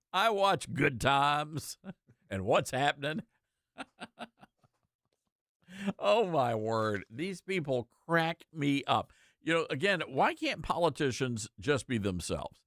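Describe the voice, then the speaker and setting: A man's voice: medium pitch, a bit bright, dry recording, clean studio sound. A man hosting a talk show, chatting casually and joking with laughing asides. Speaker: host.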